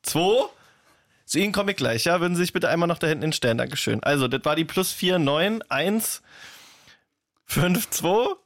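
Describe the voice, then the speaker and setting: A man's voice: on the high side, expressive, normal speed, a bit bright, no echo. A man doing a stern bossy German cop. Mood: officious. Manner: officious, giving orders, breaks into laughs. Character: stern male German police officer, bossy. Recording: dry studio sound.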